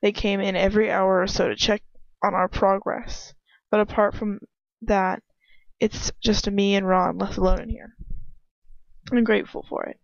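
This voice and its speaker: A woman's voice: medium pitch, flat delivery, moderate pace, creaky, no room sound. A woman reading a fan fiction story aloud in the first person, stopping now and then to comment, in a dull, dry home recording. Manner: breaks off to laugh and comment on the text. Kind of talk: reading aloud with casual asides.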